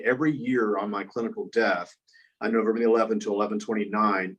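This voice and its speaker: Husky, earnest man telling a story. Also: lowish voice, rough recording. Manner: earnest, rambling with restarts. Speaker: guest speaker, author. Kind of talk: conversational storytelling.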